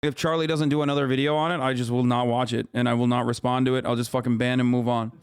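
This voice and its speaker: A man's voice: medium pitch, flat delivery, fast, smooth. A man hosting a livestream, ranting in heated, exasperated commentary with heavy swearing. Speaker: livestream host reacting to videos.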